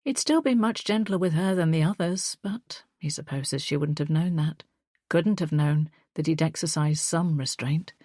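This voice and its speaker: A woman narrating a thriller audiobook in a tense, measured first-person storytelling style on a close studio mic. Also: deep voice, darkish tone, no echo.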